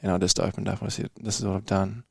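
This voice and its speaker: A man's voice: low voice, flat delivery, fast talker, vocal fry, breathy edge, no echo, studio quality. A young man from New Zealand telling a candid personal story on a casual podcast, slangy and swearing, calling the host bro. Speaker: podcast guest.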